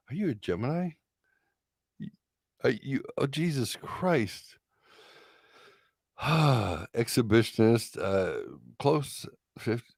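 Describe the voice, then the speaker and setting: A man's voice: medium pitch, creaky, no echo, clean studio sound. A man hosting a live stream, reacting to results with profane, incredulous, theatrical commentary. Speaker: streamer host.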